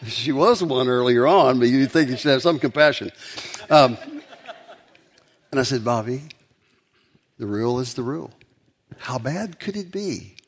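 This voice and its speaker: A man's voice: medium pitch, moderate pace, long pauses. A man, a pastor, preaching a sermon and telling a story, building up to emphatic peaks.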